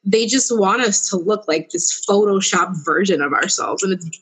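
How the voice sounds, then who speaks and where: A woman joins a podcast as a guest and talks in loose, casual chat. Her voice is husky and sits in the middle of the range. She speaks frankly and with plenty of opinion, and she leans on fillers as she goes. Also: mid-range voice, normal speed, a bit bright.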